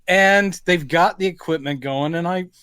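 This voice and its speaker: Higher-voiced man in dry banter. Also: normal speed, a bit bright, clear, resonant tone, no room sound. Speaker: podcast co-host. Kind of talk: casual movie review chat.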